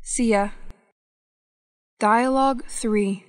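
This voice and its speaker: A woman reading scripted English practice dialogues for learners, slow and evenly paced. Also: a little high, steady tone, dry recording, studio quality. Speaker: English lesson narrator.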